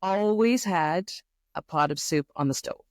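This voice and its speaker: A middle-aged Canadian woman with a Canadian accent, a podcast guest telling family stories in a thoughtful, unhurried way with many fillers. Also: fairly low pitch, no echo, studio quality. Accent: Canadian English. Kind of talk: reflective interview storytelling.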